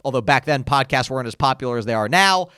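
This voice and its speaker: A young man co-hosting a podcast, telling stories in a casual, animated chat. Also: medium pitch, fast, clean tone, dry recording, clean studio sound. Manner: animated storytelling, frequent "like". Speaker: podcast co-host.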